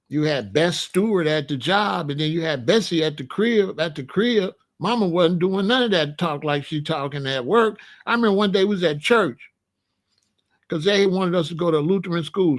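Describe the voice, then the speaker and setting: A man in his sixties telling stories in a casual, animated way, full of street slang and "you know what I'm saying.". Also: fairly high pitch. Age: 60s. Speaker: channel host. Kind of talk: casual storytelling monologue.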